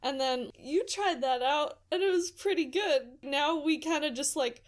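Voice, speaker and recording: A woman's voice: high voice, measured pace. A young woman hosting her own channel, chatting casually in a rambling way with laughs. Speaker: channel host. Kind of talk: casual chat.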